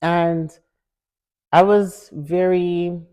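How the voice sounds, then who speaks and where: A woman telling her own story as a guest in a conversation, animated and acting out the people she quotes. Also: on the low side, drawn-out words, smooth. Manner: animated, acts out quoted voices, laughs often. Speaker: interview guest.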